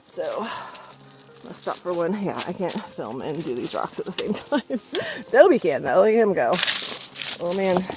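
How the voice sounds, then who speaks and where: On a casual trail vlog, a young woman walks a mountain path with a handheld camera, talking to her dog and friends, laughing often and at times short of breath. Her voice sits on the low side, sing-song and a little slow, with background noise.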